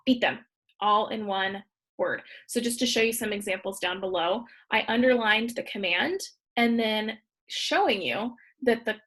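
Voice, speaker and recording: A woman's voice: medium pitch, a bit bright. A woman, a Spanish teacher, explaining grammar patiently step by step in a recorded slideshow lesson.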